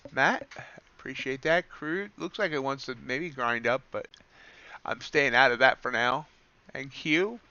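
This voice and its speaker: A man's voice: medium pitch, bright, forceful tone, clear, resonant tone, muffled recording. A man giving live commentary on his trades, counting off prices and greeting viewers in chat. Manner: calls out prices and chats with viewers. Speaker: livestream futures trader.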